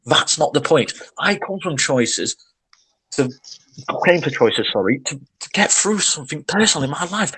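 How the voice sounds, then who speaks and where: A man's voice: medium pitch, very animated, brisk, fairly bright tone, slightly rough, low-quality recording. A young man co-hosting a podcast, ranting in casual chat, agitated, with sighs and many restarts. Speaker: podcast co-host.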